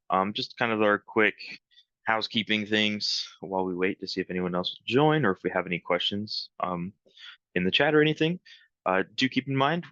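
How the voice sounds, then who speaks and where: A low-voiced man runs a live software training session and talks loosely through it, filling gaps with ums. His tone is bright and forward, and the sound is dry and a bit dull, like online meeting audio. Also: no echo. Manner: relaxed, rambling, many ums. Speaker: webinar trainer.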